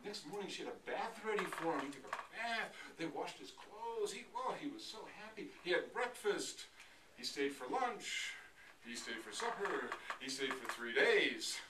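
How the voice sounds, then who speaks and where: A man telling a folktale aloud in a lively, dramatic way, swinging between loud and hushed. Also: high-pitched, normal speed. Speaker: storyteller. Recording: distant, echoey live recording with noise.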